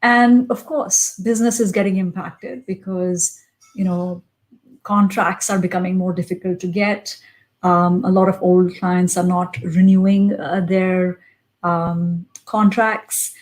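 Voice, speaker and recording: A woman's voice: fairly low pitch, fairly even intonation, measured pace, darkish tone, low-quality recording. Conversational woman executive coach. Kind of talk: motivational self-help talk.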